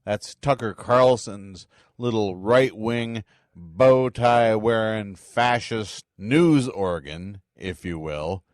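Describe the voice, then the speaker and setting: A man's voice: lowish voice, slow pace, no room sound, studio quality. A man hosting a political commentary podcast, talking in a sarcastic, mocking way. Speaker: podcast host.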